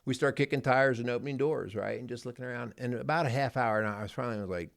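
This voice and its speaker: A man's voice: medium pitch, fast, creaky, no echo, studio quality. A middle-aged man, a marriage coach co-hosting a podcast, telling a personal story in an earnest, rambling way. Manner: earnest, rambling, repeats words. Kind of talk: casual chat, storytelling.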